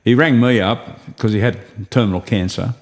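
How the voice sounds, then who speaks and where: Aussie bloke, low voice, chatty guest who rambles and chuckles through stories. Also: male voice, moderate pace. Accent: Australian. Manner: rambling anecdotes, chuckling while telling. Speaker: guest, racing driver. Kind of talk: casual storytelling chat.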